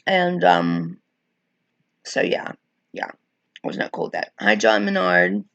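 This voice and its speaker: A woman's voice: very deep voice, sing-song, takes it slowly, vocal fry, fairly bright tone, dry recording, muffled recording. A middle-aged woman live-streaming, chatting casually and rambling with many fillers while reading viewer comments. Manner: chatty, rambling, frequent likes and ums. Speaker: streamer sharing wrestling memories.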